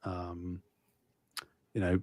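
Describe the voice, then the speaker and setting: Low-voiced man with dry sarcasm. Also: completely flat delivery, a little mellow. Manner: halting, many fillers, dry sarcasm. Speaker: podcast co-host. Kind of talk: casual podcast chat.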